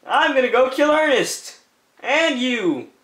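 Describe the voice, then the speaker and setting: Man, let's-play commentator, high bright voice, teasing and laughing, echoey room. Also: expressive, takes it slowly. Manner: laughing, teasing, goofy repeated calls. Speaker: gameplay commentator.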